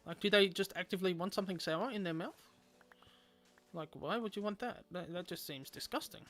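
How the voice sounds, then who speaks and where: A man's voice: high voice, brisk, a bit bright, faint music behind. A man streaming a game, chatting casually with viewers and rambling aloud with lots of fillers.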